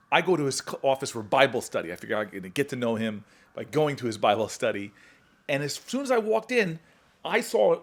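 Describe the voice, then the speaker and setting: A man, a senator telling stories in a podcast conversation, animated and acting out the people he quotes. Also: mid-range voice. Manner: animated storyteller, acts out quoted voices. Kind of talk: storytelling conversation.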